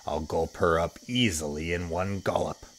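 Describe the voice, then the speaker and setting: A man voicing a huge greedy male crocodile in a storybook, with a low gloating mutter. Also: a little slow, a little hiss or hum.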